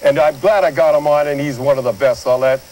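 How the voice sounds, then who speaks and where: A man's voice: fairly high pitch, quick pace, low-quality recording. Blunt, rambling older hockey commentator man. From Canada. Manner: blunt, rambling, animated, pointing at replays. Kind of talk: opinionated sports commentary.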